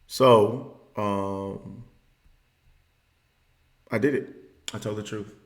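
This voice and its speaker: A man with a Southern US accent tells a personal story, shifting between hushed reflection and loud, emphatic bursts. His voice is fairly low with a steady tone, and he speaks very slowly in a reverberant space.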